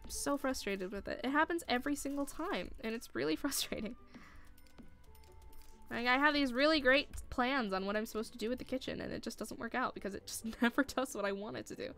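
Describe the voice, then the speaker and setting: A woman's voice: on the high side, a little fast, a bit bright, soft background music. A woman streaming a building game, scolding the furniture in exasperation and laughing often between complaints. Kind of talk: live gameplay commentary.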